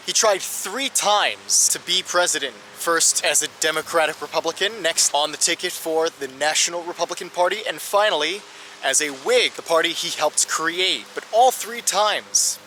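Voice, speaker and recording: A man's voice: fairly high pitch, sharp tone. A man narrating a travel vlog around a city, explaining with touches of dry humor. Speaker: travel vlogger. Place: outdoors in a city. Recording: noisy outdoor street recording.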